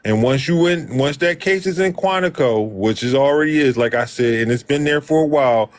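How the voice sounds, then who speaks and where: A man arguing in a casual debate, insistent and pressing his questions firmly. His voice sits at an ordinary middle pitch for a man. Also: brisk.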